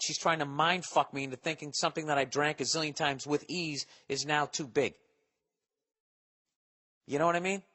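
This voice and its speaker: A man's voice: fairly high pitch, fairly bright tone, long reverb tail. A man in his forties hosting a podcast, rambling through listener mail in a profane, sarcastic, comedic monologue. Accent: Boston. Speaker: podcast host.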